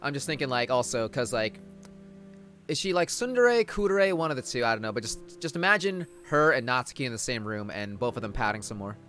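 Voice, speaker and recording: A young man live-streaming a game, rambling and cracking jokes to his chat. His voice is bright and forceful, with soft game music faint in the background. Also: mid-range voice, very animated, fairly quick. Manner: joking, rambling, reads game dialogue aloud. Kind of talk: casual live-stream commentary.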